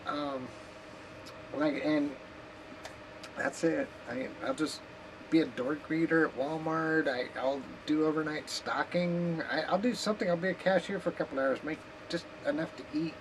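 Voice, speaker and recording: This low-voiced woman speaks at a moderate clip as she chats casually in her home kitchen, joking, wandering off topic, and occasionally eating mid-sentence. Background hiss is noticeable throughout the recording.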